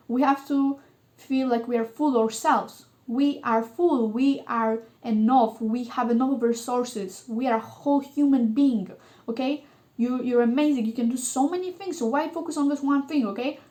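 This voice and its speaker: A woman with a high voice reads tarot cards for her viewers. She talks in an emphatic, coaxing way and keeps checking in with the listener. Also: darkish tone. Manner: emphatic, coaxing, repeats "okay?" often. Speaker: tarot reader. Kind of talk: tarot reading monologue.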